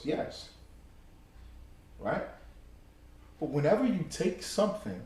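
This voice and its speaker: A man's voice: mid-range voice, darkish tone. A man preaching with fiery, mocking commentary, his voice distant from the mic in a very echoey space. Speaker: religious teacher.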